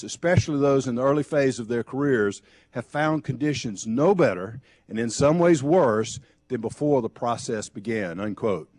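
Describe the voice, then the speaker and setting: A man's voice: mid-range voice, a little mellow, dry recording. A man with a Georgia accent, delivering a formal opening statement at a congressional hearing. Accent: Georgia, US South. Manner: reads prepared remarks, then jokes easily.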